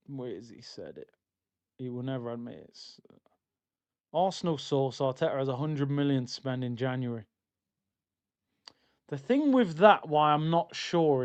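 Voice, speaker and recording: A man's voice: mid-range voice, clean tone. A man hosting a football watchalong stream, chatting loosely and reading out viewer comments. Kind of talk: casual live-stream chat.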